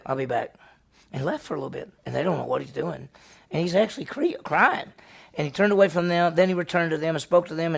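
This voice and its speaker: A pastor with a high-pitched, gravelly voice teaches a Bible study class. He reads scripture aloud and quizzes his listeners with lively questions.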